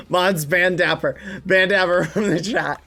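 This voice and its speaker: A woman streaming gameplay and chatting with her viewers, theatrical, swinging between low mutters and loud frustrated yelps. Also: slightly rough. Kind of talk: live-streamed gameplay chat.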